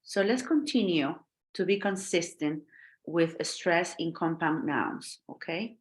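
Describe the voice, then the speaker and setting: A woman with a slightly low voice teaching an online English class. She is warm in her praise and checks in with her students often, asking "remember?" and "right?". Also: slow pace. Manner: encouraging, repeats and checks in often.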